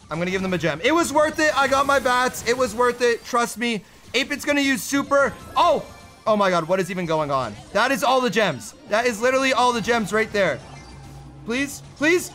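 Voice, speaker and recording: A young man commentating his own gameplay, excitable and often pleading or shouting at the action. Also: sits high. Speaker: gaming YouTuber.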